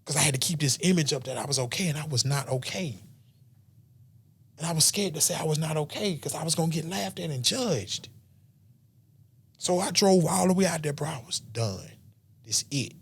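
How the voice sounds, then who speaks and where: A man's voice: fairly high pitch, moderate pace, vocal fry, long pauses, husky. A man who is a podcast guest telling a personal story in an earnest, emotional way, sometimes dropping to a near-whisper. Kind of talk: personal storytelling in a casual chat.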